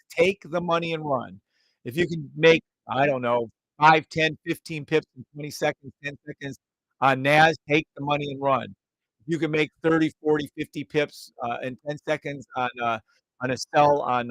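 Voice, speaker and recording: A brash, profane man calls out live trades in quick repeated bursts. His voice sits a little high for a man, and the sound is close and dry, with no room around it. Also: gravelly, a bit bright, no echo, rough recording. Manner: mocks imagined viewers in a whiny voice. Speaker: live trading stream host. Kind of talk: live trading commentary.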